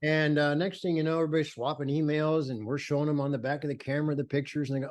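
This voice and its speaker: A man's voice: on the high side, fairly even intonation, fast talker, hardly any pauses. An older man, a photographer, telling stories in an interview with enthusiasm, acting out the voices of people he quotes. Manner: enthusiastic, acts out quoted voices, many fillers and restarts. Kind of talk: animated storytelling in conversation.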